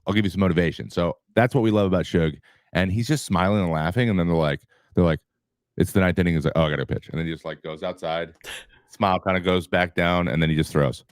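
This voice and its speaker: A man in his thirties with a very low, deep voice, recorded close and dry with no room sound. He rambles through stories in a relaxed way, restarting sentences and chuckling as he goes. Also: brisk, clean tone, no echo. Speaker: retired pitcher, guest. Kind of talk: casual storytelling interview.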